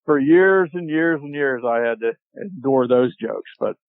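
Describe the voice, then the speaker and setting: A man guest on a podcast, telling a long hunting story in a casual, animated way and acting out what people said. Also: mid-range voice, a little slow, no echo. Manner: animated storyteller, acts out shouted quotes. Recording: tinny phone-like line, dry.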